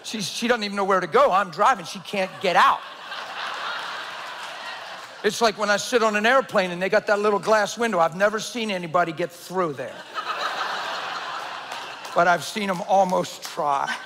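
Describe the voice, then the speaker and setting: A man preaching a sermon to a church congregation, telling a story and swinging from loud to hushed. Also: sits high, normal speed, long pauses, background noise. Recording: long hall reverb.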